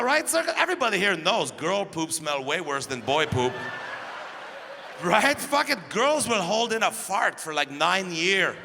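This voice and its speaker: A man doing live stand-up storytelling, animated and profane, laughing through his lines. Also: high voice, normal speed, creaky. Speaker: stand-up comedian. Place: live comedy stage. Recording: reverberant venue, faint crowd noise.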